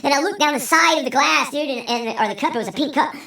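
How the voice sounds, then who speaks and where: A woman hosting a storytelling vlog, talking in an animated, profane, rambling way. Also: high-pitched, quick pace, creaky. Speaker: vlog host. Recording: roomy sound, distant from mic.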